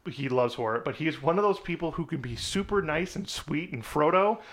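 A man's voice: a little high, animated, a little fast, fairly bright tone. A man co-hosting a casual podcast chat, rambling with many fillers and frequent laughs. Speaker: podcast co-host.

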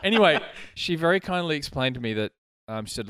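A man's voice: on the high side, animated, brisk, few pauses, no room sound. Rambling guy on a podcast. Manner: rambling, storytelling, laughs easily. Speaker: podcast co-host. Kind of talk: casual chat. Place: studio. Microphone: podcast mic.

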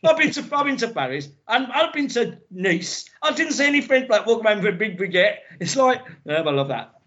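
A man chatting casually about a film as co-host, laid-back and quick to laugh. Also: high voice, big pitch swings, a bit bright. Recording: dull lo-fi sound.

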